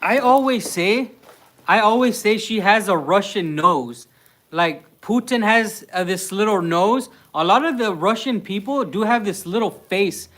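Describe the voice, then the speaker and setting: A man from Mexico hosts a casual livestream and talks in a relaxed, storytelling way. He rambles through anecdotes with his partner and now and then drops into Spanish. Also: sits high, a little slow. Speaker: livestream host.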